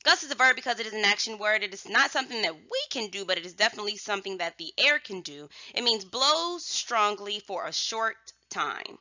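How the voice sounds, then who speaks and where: A woman teaching young children a phonics and vocabulary lesson, enunciating words slowly and emphatically, then calling out single words loudly. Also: medium pitch, animated, no room sound, highs cut off. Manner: slow, emphatic, drawn-out enunciation with sudden loud word calls.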